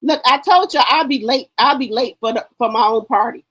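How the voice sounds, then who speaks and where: A woman hosting a live stream in casual chat. Her voice sits high, and she tells stories in an animated, laughing way, swearing freely. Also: brisk, husky, rough recording. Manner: animated, laughing, profane storytelling.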